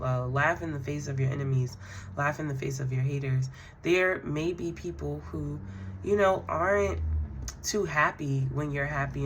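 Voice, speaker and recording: Low-voiced woman giving an encouraging tarot reading. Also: slight background noise. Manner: affirming, encouraging, speaks to the listener directly; relaxed, with fillers and soft laughs. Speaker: tarot card reader.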